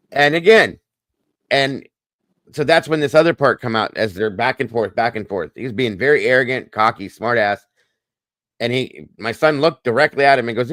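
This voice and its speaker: A man's voice: medium pitch, expressive, normal speed, a bit bright, no room sound. A middle-aged man, hosting and telling a long personal story in a blunt, rambling way. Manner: rambling, blunt, repeats himself. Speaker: podcast host. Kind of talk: casual storytelling monologue.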